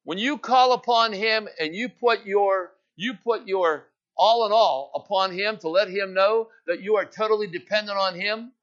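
A male pastor delivers an emphatic sermon in a high, bright, ringing voice. He preaches with firm declarations and rhetorical calls to the congregation. The recording sounds muffled and lo-fi. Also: moderate pace, hardly any pauses. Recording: dull lo-fi sound.

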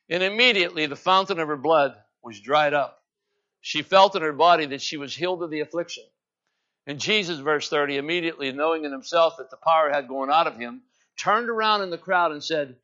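A man preaching a sermon, telling the story dramatically and swinging from loud declarations to hushed asides. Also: on the high side, brisk. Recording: dull lo-fi sound.

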